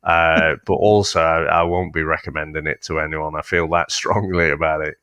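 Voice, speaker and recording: A man co-hosting a casual film review podcast, measured and wry, often laughing at his own points. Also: extremely low pitch, little pitch movement, sharp tone, clean tone, no room sound, muffled recording. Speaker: podcast co-host reviewing films.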